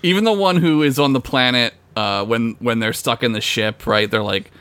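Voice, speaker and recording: A man's voice: mid-range voice, moderate pace, a bit bright, smooth, no echo. A man co-hosting a podcast, chatting loosely with lots of "like", swearing and laughing. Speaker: podcast co-host. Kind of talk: casual chat.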